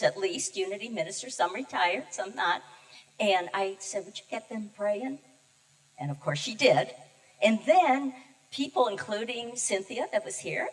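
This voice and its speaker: An older woman minister giving a heartfelt, personal sermon, telling her story with pauses and emotion. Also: medium pitch. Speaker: guest minister. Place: church sanctuary. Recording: distant mic in a reverberant sanctuary.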